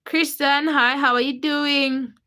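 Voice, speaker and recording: A woman's voice: sits high, steady tone, slow pace, sharp tone. A young woman with a Ugandan English accent, hosting a casual livestream and greeting viewers by name as she reads the chat. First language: a Ugandan language. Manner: greets viewers by name one after another, chatty. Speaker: livestream host.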